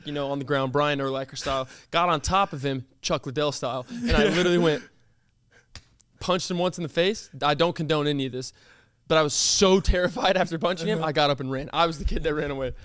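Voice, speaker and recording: A young man co-hosts a casual podcast, teasing his friend and riffing with him. His voice sits a little on the high side, loose and jokey. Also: fairly quick, fairly bright tone, clean tone, no echo. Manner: teasing, joking banter. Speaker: podcast co-host. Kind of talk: casual chat.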